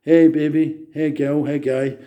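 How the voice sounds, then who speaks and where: A man's voice: fairly high pitch, flat delivery, unhurried, warm tone. A man, talking in a rambling, manic monologue that jumps between topics and turns preachy. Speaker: vlogger.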